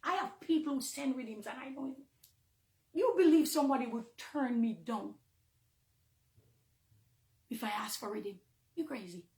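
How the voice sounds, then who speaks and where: A middle-aged woman with a Jamaican accent, a minister giving an emotional, confessional testimony from the pulpit, moving between hushed and fervent. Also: high voice, normal speed, pauses often, reverberant. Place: church, near the pulpit.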